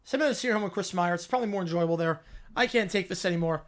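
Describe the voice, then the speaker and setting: A man's voice: sits high, rapid-fire, fairly bright tone, voice pushed down. A man voicing a fed-up middle-aged football commentator who talks in a weary, sighing way. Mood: exasperated.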